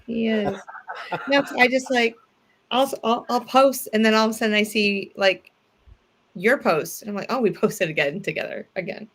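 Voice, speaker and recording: A woman's voice: on the high side, moderate pace, a bit bright. Agreeable woman in a casual chat. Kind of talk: casual group video chat.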